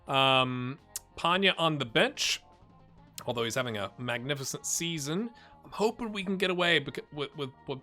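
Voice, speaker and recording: A Scottish man with a fairly high, bright voice that swings widely in pitch. He chats casually through a let's-play from his home office and breaks into loud, excitable match commentary. Faint music plays underneath. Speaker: gaming channel host. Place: home office with a blue screen.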